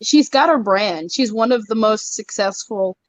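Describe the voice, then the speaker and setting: A woman's voice: medium pitch, measured pace, dry recording, low-quality recording. A woman guest in a casual talk among writers, speaking frankly and emphatically with some ums. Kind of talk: casual chat.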